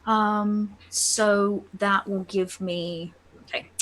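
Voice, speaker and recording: Bright-voiced chatty woman player. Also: medium pitch, flat delivery, normal speed. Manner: chatty, hesitant, with many fillers. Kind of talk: casual tabletop game chat.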